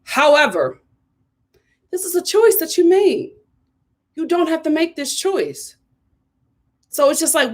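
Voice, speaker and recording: A woman hosting a live stream, giving sassy, animated commentary on a reality show and talking straight to her viewers. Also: sits high, unhurried. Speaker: live show host reviewing a reality series.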